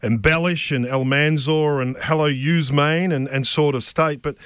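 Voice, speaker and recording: A man's voice: fairly high pitch, steady tone, normal speed, fairly bright tone, clean tone, no echo, studio quality. A man hosting a racing radio show, asking curious, conversational questions. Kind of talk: radio interview.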